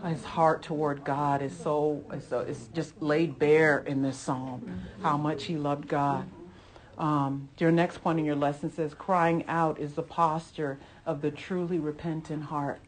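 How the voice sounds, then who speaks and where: A woman's voice: sits low, fairly even intonation, measured pace. A woman teaching a Bible lesson in a conversational sermon style, earnest and emphatic, repeating phrases with frequent asides to her listeners.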